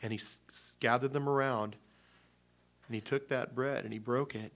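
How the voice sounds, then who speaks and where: A man telling a personal story from the pulpit in a midrange voice. He talks loosely and with feeling, stopping and restarting often. The tone stays warm and unscripted. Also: medium pitch, fairly even intonation, normal speed. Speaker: pastor. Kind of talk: sermon before communion.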